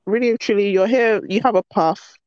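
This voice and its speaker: A woman's voice: mid-range voice, a little fast, no room sound, muffled recording. A woman talking as a podcast guest in casual, bubbly chat that pokes fun at herself. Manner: bubbly, animated, self-mocking.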